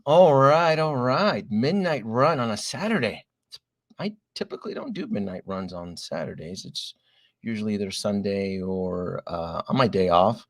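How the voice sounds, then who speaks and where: A man's voice: fairly low pitch, animated, normal speed, dry recording. Stream host, middle-aged man, a bit breathless from a cold, chatty roll-call delivery, dry close sound. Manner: chatty, greets viewers one by one with filler "uh"s. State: recovering from a chest cold, a bit short of breath. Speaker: livestream host. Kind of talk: casual live-stream chat reading viewer names.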